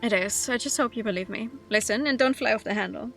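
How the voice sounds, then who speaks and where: An earnest, headstrong young man from a mystery game, read aloud by a woman. He pleads steadily to be believed, in a fairly high voice with faint music behind. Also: fast talker, gravelly, fairly bright tone.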